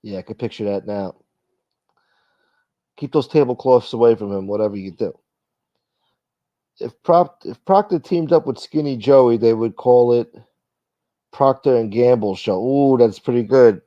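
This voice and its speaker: Reading viewer comments on his casual livestream, a host cracks blunt, profane jokes. He talks unhurriedly with long pauses in a mid-range voice, and the sound is dull, dry, and lo-fi with no room sound.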